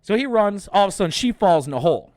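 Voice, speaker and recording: A young man hosting a casual movie review, retelling the plot excitedly, cursing and acting out lines. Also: high voice, fast, no room sound, clean studio sound. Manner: excited, profane retelling with acted-out quotes. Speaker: host.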